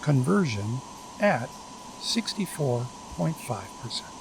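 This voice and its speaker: A man voicing a monotone spaceship computer that reads out status reports in a flat way. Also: medium pitch, slow pace, vocal fry, heavily acted. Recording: noisy background.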